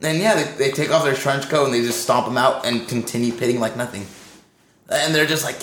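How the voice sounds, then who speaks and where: A man's voice: medium pitch, brisk, fairly bright tone, echoey room, slight background noise. A man in a band, telling a rambling tour story in casual chat, swearing a lot and acting out what people said. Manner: rambling storyteller, heavy swearing, acts out quotes.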